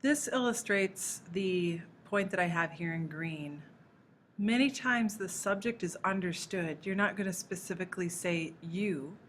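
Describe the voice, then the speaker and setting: Slow, patient woman teaching Spanish grammar. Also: lowish voice, slight background noise. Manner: patient, explains step by step; slows down to model Spanish phrases. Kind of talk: recorded classroom lesson.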